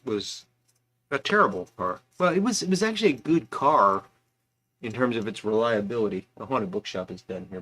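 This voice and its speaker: A man's voice: mid-range voice, fairly bright tone, husky. A man hosting a casual livestream, chatting loosely and reading out viewer comments with asides. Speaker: livestream host.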